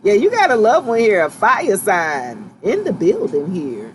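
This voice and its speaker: A woman giving a casual tarot reading to her viewers, relaxed and reassuring, often checking in with "okay?" and "right?" and repeating herself as she talks. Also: medium pitch, slow pace, background noise. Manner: loose, chatty, repeats and restarts phrases. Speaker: tarot reader.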